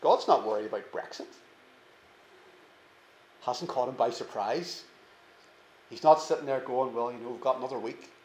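A man preaching a sermon, earnest and emphatic, slowing down to stress key words. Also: a little high, darkish tone, echoey room, poor audio. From England.

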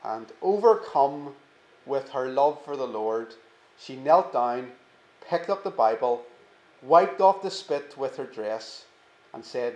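A man preaching a sermon, earnest and emphatic, slowing down to stress key words. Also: mid-range voice, animated, darkish tone, echoey room, poor audio. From England.

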